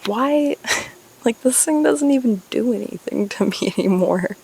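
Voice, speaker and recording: A young woman talking candidly to her viewers in a vlog, musing slowly, laughing and swearing casually. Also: fairly high pitch, lively intonation, creaky, warm tone, husky. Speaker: spiritual YouTuber.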